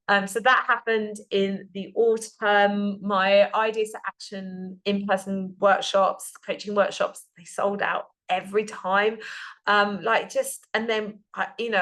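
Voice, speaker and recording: A woman's voice: medium pitch, a bit bright. A woman hosting her own podcast, talking in a heartfelt, rambling way full of fillers and restarts. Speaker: podcast host and business coach. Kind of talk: casual solo podcast monologue.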